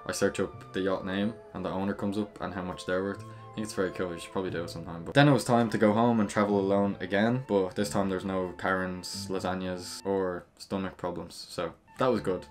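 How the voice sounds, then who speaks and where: A man's voice: deep voice, steady tone, brisk, soft background music. A young Irish man from Dublin telling a rambling, chatty travel story to camera, full of "like" and "you know". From Dublin, Ireland. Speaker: travel vlogger.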